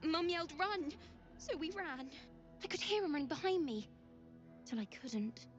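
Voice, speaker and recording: A woman's voice: very high voice, lively intonation, measured pace, faint music behind. A woman voicing an earnest, hopeful orphaned young girl in a video game, with folksy, rustic speech. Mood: pleading. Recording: dull game audio capture.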